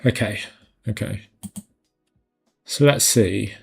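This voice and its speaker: A man's voice: fairly low pitch, slow, gravelly, breathy edge, soft background music. A man chatting casually and swearing while he paints on a live stream, rambling and self-mocking. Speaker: digital art streamer.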